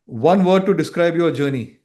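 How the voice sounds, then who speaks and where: Man, show host, higher voice, brisk quick-fire questions, scripted sign-off. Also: mellow. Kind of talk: interview hosting, scripted outro.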